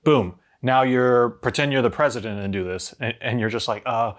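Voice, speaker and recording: A man co-hosting a board game review, chatting casually with restarts and laughs. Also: medium pitch. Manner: halting, laughing, restarts a lot. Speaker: board game show co-host.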